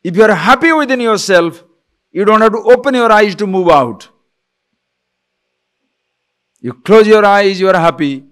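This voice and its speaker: An older man teaches scripture in an animated, conversational way. He acts out small exchanges between people and breaks into chanted verse. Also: high-pitched, a little fast. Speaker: spiritual teacher. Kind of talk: lecture on scripture.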